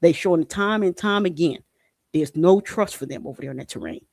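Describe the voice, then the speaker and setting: A man's voice: fairly high pitch, fairly quick, creaky, darkish tone, no echo, clean studio sound. A man hosting a podcast, reading news articles aloud and commenting on them in a blunt, indignant way, swearing and repeating himself. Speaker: podcast host.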